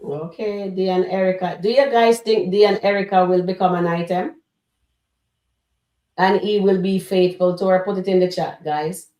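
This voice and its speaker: Stream host, woman, lower voice, talks to chat, echoey room. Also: fairly even intonation, normal speed, mellow. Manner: chatty, addresses the chat directly. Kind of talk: live reaction commentary.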